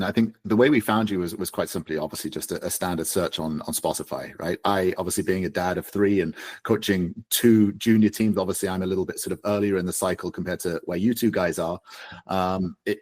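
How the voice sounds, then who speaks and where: Male guest, very low and husky, measured and chatty. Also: a little mellow. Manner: measured, conversational, uses "sort of" often. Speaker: podcast guest, fellow podcast host. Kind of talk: casual podcast chat.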